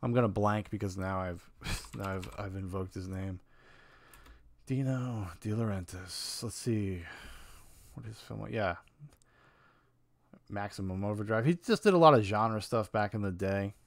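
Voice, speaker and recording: A man's voice: on the low side, measured pace, long pauses, no room sound. A man hosting a podcast, giving a casual and frank film review in a rambling, opinionated way with some swearing.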